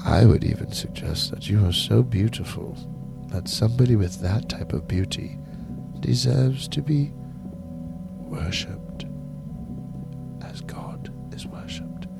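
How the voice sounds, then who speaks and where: A man voicing a seductive male devil who flatters and coaxes in hushed tones, in whispered role-play. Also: fairly low pitch, a little slow, creaky, pauses often, music in the background, heavily acted.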